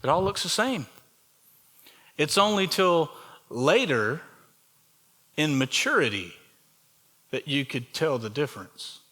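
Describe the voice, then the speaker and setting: A man's voice: fairly high pitch, lively intonation, takes it slowly, long pauses, sharp tone. A man with a Southern US accent preaching a sermon as pastor of a church, in a conversational way, asking the congregation questions as he goes. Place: church sanctuary.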